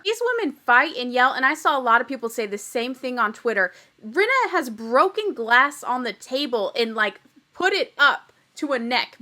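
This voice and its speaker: A woman's voice: sits high, sharp tone. A young adult woman hosting a podcast that recaps a reality TV show. She talks bluntly, swears freely, and mimics the people she quotes. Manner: opinionated, blunt and profane. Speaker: podcast host.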